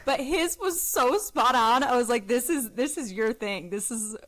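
A bubbly young woman from Colorado co-hosting a chatty podcast, telling her stories with plenty of enthusiasm. Her voice sits a little higher than most women's. She talks in a loose, friendly way. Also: expressive, unhurried, fairly bright tone, no echo. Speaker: podcast co-host. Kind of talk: casual chat.

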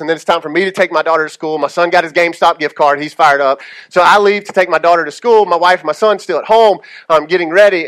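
High-voiced male pastor, chatty sermon. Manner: conversational storytelling with frequent "okay?" check-ins; drops to slow, soft delivery for prayers. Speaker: lead pastor.

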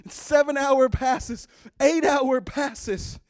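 High-pitched male preacher, emphatic repetitive sermon delivery for online viewers. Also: very slow. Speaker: pastor.

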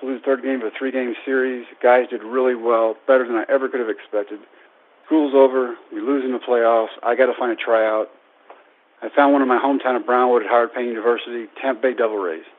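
A man in his thirties telling a personal story in a speech, self-deprecating and animated. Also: medium pitch. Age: 30s. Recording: tinny phone-like radio sound.

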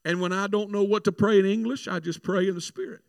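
Male preacher, testimony sermon, raised gravelly voice, animated storyteller, dry close sound. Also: high-pitched, quick pace, dry recording. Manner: animated storytelling, repeats words. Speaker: minister praying at altars.

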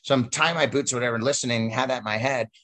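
A man's voice: medium pitch, rapid-fire. Man spinning rambling wrestling tales. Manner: rambling, animated storytelling with many fillers. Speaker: wrestler telling stories. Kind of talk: casual storytelling chat.

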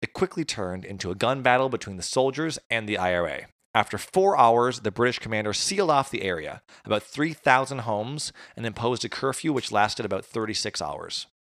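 A man's voice: mid-range voice, expressive, fairly quick, hardly any pauses, a bit bright, no room sound, studio quality. A man recounting history in a casual chat, with jokey asides. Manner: conversational storytelling, jokey asides. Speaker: podcast host.

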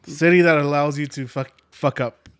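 A man's voice: a little high, fairly even intonation, normal speed, a bit bright, a little hiss or hum. A man co-hosting a podcast in casual chat, with crude, insistent banter. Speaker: podcast co-host.

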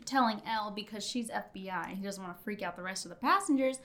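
A woman's voice: mid-range voice, fast talker, fairly bright tone. A woman casually recapping a TV episode with a friend in a playful manner. She acts out the characters' lines as she goes. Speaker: podcast co-host recapping a TV episode. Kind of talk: casual chat.

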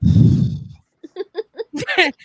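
A woman's voice: extremely slow, no room sound, rough recording. A woman telling a funny story in casual chat, laughing often and acting out the voices of the people in it. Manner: animated, laughs often, acts out quoted voices.

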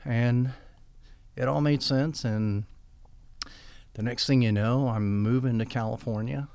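A man's voice: medium pitch, steady tone, measured pace, a little mellow. An older man telling long stories in an interview and acting out quoted dialogue as he goes. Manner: rambling anecdotes with quoted dialogue. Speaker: guest. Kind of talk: storytelling interview.

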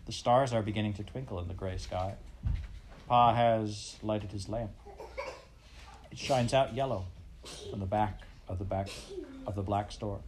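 A man voicing an eager, anxious young pioneer girl in a raised, high-pitched storybook voice. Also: steady tone, unhurried, long pauses, darkish tone, a little hiss or hum, lightly acted. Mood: dreamy.

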